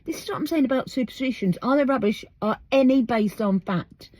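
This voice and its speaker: A woman's voice: fairly high pitch, fairly quick, darkish tone, dry recording. An English woman hosting her podcast outdoors, chatting emphatically and firing off rhetorical questions. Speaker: podcast host. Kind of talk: casual monologue.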